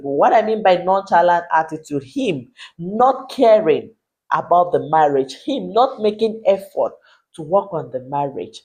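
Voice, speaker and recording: A woman, a Christian marriage coach, praying fervently and then speaking emotionally to wives. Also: on the low side. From Nigeria. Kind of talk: fervent prayer and heart-to-heart encouragement.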